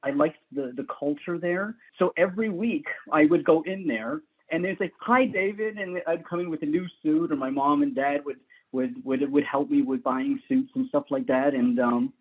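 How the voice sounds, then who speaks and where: A man's voice: fairly high pitch, steady tone, moderate pace, slightly rough. A man guest telling stories about his early career in a casual, rambling way, laughing often and restarting sentences. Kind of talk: casual storytelling. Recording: tinny phone-like line.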